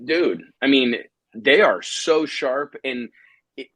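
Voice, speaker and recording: A man's voice: medium pitch, animated, takes it slowly, a bit bright, no room sound. A man hosting a live commentary chat, joking and rambling with lots of fillers. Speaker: host.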